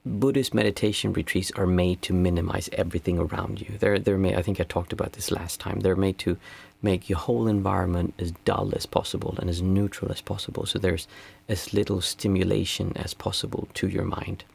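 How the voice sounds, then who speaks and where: A man's voice: sits low, flat delivery, creaky, darkish tone, breathy edge. A man, a meditation teacher chatting casually and reflectively with viewers on a livestream. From Sweden. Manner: unhurried, reflective, reads out chat messages.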